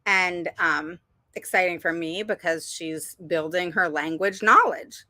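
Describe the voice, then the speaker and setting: Casting note middle-aged woman, chatty parent-advice vlogger, lowish bright voice, dry close sound. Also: unhurried, no echo. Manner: chatty, rambling with many ums and laughs. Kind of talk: casual advice talk to viewers.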